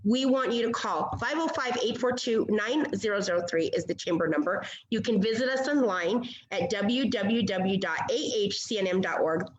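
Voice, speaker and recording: A woman's voice: mid-range voice, moderate pace, few pauses, reverberant, highs cut off. A woman moderating a chamber of commerce webinar panel over a video call, upbeat and encouraging, with many fillers.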